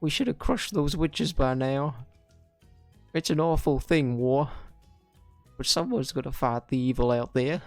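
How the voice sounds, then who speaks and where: A man voicing a bitter, distrustful old man in a video game, ranting gruffly and calling the listener youngster. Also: mid-range voice, measured pace, pauses often, dry recording, faint music behind, voice pushed up, lightly acted. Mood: grumbling.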